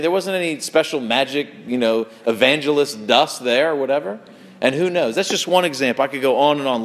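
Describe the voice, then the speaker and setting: A man with a slightly high voice preaches to his congregation, spinning everyday stories in a loose, chatty way full of fillers and restarts. His voice rings out with the long reverb of a church hall. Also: a bit bright. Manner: conversational storytelling, many fillers and restarts. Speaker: pastor. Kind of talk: sermon.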